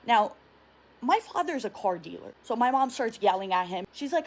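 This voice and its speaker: A young woman telling a funny family story in a storytime vlog, animated and freely swearing as she acts out her parents. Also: a little high, a little fast. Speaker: TikTok creator.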